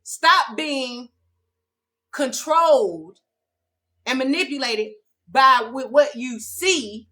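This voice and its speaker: A woman's voice: high voice, pushed and bright, low-quality recording. A woman giving a preachy spiritual vlog monologue as a self-described spiritual teacher, sassy and confrontational, repeating lines for emphasis. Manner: sassy, confrontational, slangy and direct.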